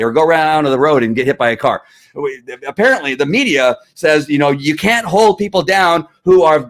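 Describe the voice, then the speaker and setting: A middle-aged man, a former police officer, riled up and ranting in heated commentary, full of restarts. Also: high-pitched. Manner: riled up, animated, talks over himself with restarts.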